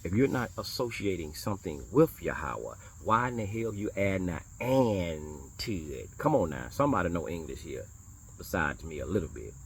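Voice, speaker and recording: A minister talking casually to viewers about his beliefs, animated and blunt, repeating phrases for emphasis and throwing in curses and rhetorical challenges. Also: low-pitched, normal speed, slight background noise. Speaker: minister of a small congregation. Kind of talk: casual religious talk to viewers.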